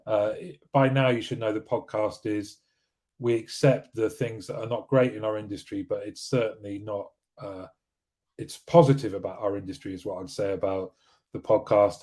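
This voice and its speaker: Mellow-voiced man hosting casually. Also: mid-range voice. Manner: rambling, frequent restarts and fillers. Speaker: host of a live weekly show. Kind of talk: casual live-stream talk, reading viewer comments.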